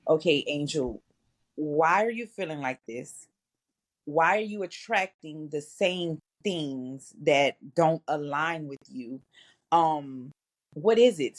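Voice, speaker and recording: A woman in her thirties, a radio guest telling a personal faith story in an earnest, halting way. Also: deep voice. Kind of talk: personal testimony in an interview.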